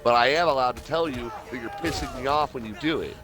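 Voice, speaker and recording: A man's voice: mid-range voice, fast, music in the background. A man streaming a game, chatting casually in a rambling, profane way full of fillers. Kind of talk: casual chat while gaming.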